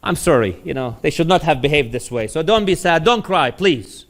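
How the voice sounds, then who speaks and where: A man voicing a powerful ruler who speaks gently and apologetically. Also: fairly high pitch, animated, normal speed. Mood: soothing.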